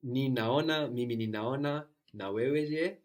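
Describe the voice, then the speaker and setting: Male tutor, average pitch, patient and prompting, ends points with "no?". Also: a little slow. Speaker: language teacher. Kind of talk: guided language lesson.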